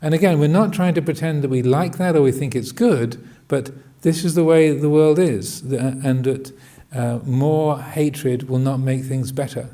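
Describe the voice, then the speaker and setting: A man giving a Buddhist dharma talk, hesitant and full of restarts, often laughing gently. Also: medium pitch, measured pace, few pauses. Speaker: Buddhist monk teaching.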